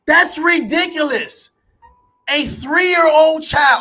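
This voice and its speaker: Profane, incredulous man ranting loudly. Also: very high-pitched, expressive, slow pace. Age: adult parent. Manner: profane, incredulous, shouting bursts. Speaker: online commentator. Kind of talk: ranting to a live audience. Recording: faint background music.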